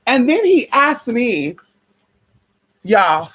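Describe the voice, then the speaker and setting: Animated, profane storytelling vlogger. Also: medium pitch, normal speed. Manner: animated, profane, chatty, calls viewers y'all, girl and honey. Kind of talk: casual storytelling vlog.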